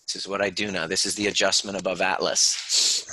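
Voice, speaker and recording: A man's voice: sits low, level tone, fairly quick, sharp tone, a little hiss or hum. A man, a chiropractor and educator, guiding someone through an emotional healing exercise with an intense, soothing, coaching delivery. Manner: intense, soothing, swears freely.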